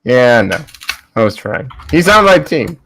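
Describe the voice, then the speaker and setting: A man's voice: medium pitch, sing-song, measured pace, a bit bright, slight background noise, rough recording. Man playing a tabletop game. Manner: hesitant, questioning. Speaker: player.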